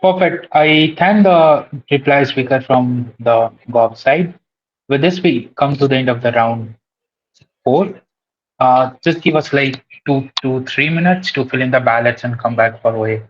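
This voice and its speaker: A man's voice: mid-range voice, unhurried. Man announcing at a debate, dull lo-fi sound. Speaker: debate adjudicator or chair. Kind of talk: formal round announcement.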